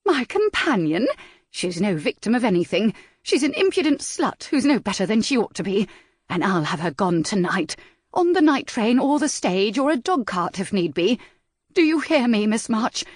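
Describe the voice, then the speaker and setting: A woman voicing a hysterical, shrill middle-aged noblewoman in a period audiobook, her delivery wailing and indignant. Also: husky, no echo, clean studio sound.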